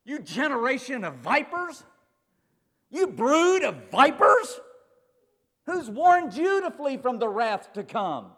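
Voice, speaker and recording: A man voicing a fiery adult male prophet who rebukes a crowd in fierce, rapid bursts. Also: extremely high pitch, very animated, fairly bright tone, breathy edge, in a large hall, pitched above the performer's own voice, exaggerated voice. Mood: scolding.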